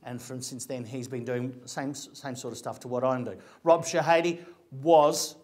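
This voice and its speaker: A man's voice: mid-range voice, fairly even intonation, moderate pace, darkish tone. A middle-aged man, an actor telling stories about his career in a chatty, rambling way with frequent restarts. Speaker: actor giving a talk. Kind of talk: casual storytelling talk.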